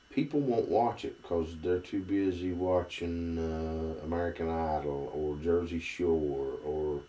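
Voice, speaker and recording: Man, Southern accent, low voice, folksy drawl, a bit far from the mic. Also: dark tone. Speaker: guest. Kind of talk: casual conversation.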